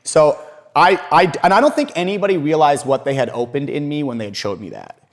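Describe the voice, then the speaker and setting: A man's voice: on the high side, fairly quick. A young man, a podcast guest, telling his story casually and with lots of profanity, laughing often and acting out what others said. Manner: animated, profane, laughs often, acts out quotes.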